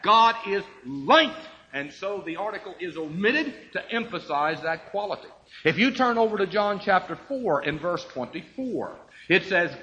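Man preaching, emphatic, bright tense voice, dull lo-fi recording. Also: fairly high pitch. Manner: emphatic, slows down to stress key phrases; asks rhetorical questions and answers them. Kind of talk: expository Bible teaching.

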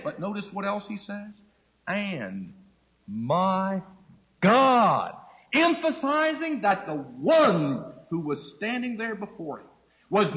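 Man, preacher, sermon, lively pitch swings, Bible teaching, dramatized quotes. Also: low-quality recording. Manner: expository Bible teaching, acting out quoted speech.

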